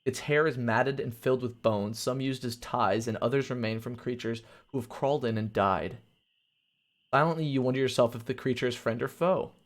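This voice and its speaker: A man reading a gamebook aloud on a live stream, mixing steady narration with casual, crude asides. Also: mid-range voice, normal speed. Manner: casual and crude, reads narration then chats.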